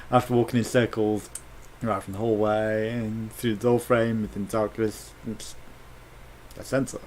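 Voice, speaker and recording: A man's voice: fairly low pitch, flat delivery, moderate pace, a little mellow, slight background noise. A British man commentating a space game, reading its text aloud with jokes and swearing. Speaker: let's play host.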